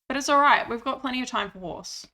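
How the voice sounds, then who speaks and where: A woman's voice: high voice, fast talker, pushed and bright. A woman streaming a game, chatting playfully and reading out chat. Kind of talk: casual gaming stream chat.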